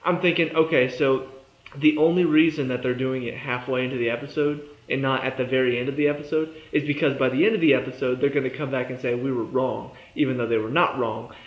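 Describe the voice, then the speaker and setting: A man's voice: medium pitch, fairly even intonation, quick pace. A young man giving a casual, exasperated review of a TV episode, sarcastic and fond of mimicking the characters. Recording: echoey room, dull lo-fi sound.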